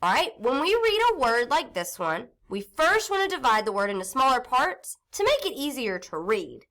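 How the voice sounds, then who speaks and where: A woman teaching a phonics lesson to young children, stretching words out and sounding them slowly. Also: high-pitched, big pitch swings, pushed and bright. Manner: slow, sing-song teacher talk, stretching out words and sounds.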